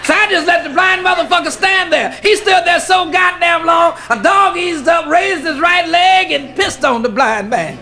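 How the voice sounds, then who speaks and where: A male stand-up comedian performing a raunchy, profane routine, shouting his punchlines. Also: very high-pitched, moderate pace, few pauses.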